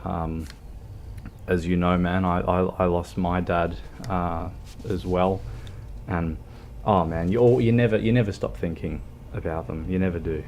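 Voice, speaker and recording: Low-voiced aussie guy rambling to chat on a game stream, slow and hesitant. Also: fairly even intonation, a little mellow, a little hiss or hum. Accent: Australian. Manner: hesitant, many ums and restarts. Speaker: livestreamer. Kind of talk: casual chat while gaming.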